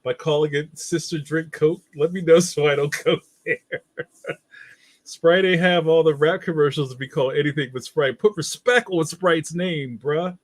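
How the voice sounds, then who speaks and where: Male host, relaxed livestream chatter, slangy and jokey, dry sound. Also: on the high side, moderate pace, no echo. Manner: playful, slangy, laughs often. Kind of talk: casual chat reading viewer comments.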